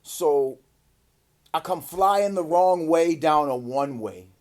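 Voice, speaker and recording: A man telling a casual, profane story to his viewers, acting out the quotes loudly. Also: a little high, takes it slowly. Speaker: vlogger.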